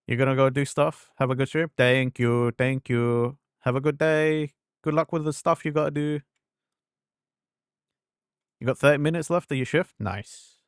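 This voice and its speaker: A man's voice: on the high side, normal speed, pauses often, no echo, clean studio sound. Chatty English man streaming a game. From England. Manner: chatty and rambling, acts out quoted conversations. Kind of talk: casual live-stream chat.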